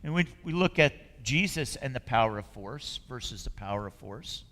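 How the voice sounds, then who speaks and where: A man's voice: medium pitch, lively intonation, normal speed. Earnest male preacher in a reverberant hall. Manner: conversational, earnest, trailing off softly at phrase ends. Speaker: spiritual leader. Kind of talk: sermon. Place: church sanctuary.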